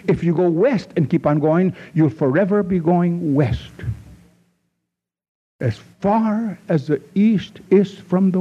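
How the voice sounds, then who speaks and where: A man with a high voice preaches slowly and deliberately. He climbs to emphatic peaks, then sinks low and slow to press a point home. The recording is muffled and lo-fi. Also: darkish tone, slightly rough. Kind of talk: sermon. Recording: dull lo-fi recording.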